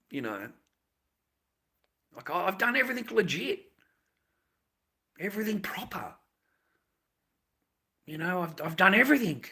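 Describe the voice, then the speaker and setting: A man's voice: a little high, sharp tone, husky. A man on a live stream ranting with agitation, repeating himself, stumbling over his words and swearing. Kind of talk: emotional livestream rant.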